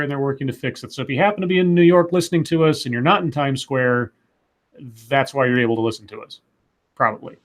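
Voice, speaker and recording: A man's voice: a little high, a bit bright. A man hosting a casual podcast, reading news stories aloud and adding sarcastic asides. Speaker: podcast host.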